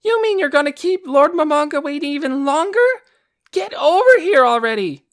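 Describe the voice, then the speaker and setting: A man voicing a brash, loud young dark elf girl in an audiobook, shouting and scolding. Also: very high-pitched, animated, normal speed, voice pushed up. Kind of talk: audiobook character voice.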